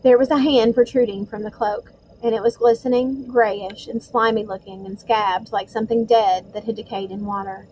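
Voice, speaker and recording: A woman narrating a storybook chapter in a measured, suspenseful way. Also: on the high side, fairly even intonation, a little mellow, slight background noise, poor audio. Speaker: audiobook reader.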